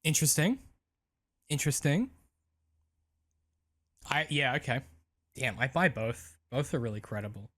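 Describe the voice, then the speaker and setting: A man co-hosting a casual podcast, talking freely with frequent ums and soft trailing endings. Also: mid-range voice, lively intonation, measured pace, long pauses. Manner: chatty, many ums, trails off softly. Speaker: podcast co-host.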